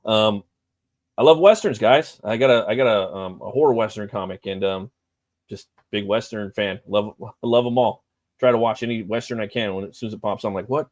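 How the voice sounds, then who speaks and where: A man's voice: on the low side, brisk, a little mellow, dry recording. A middle-aged man hosting a live stream, chatting loosely and profanely with lots of fillers. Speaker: livestream host. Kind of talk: casual live-stream chat.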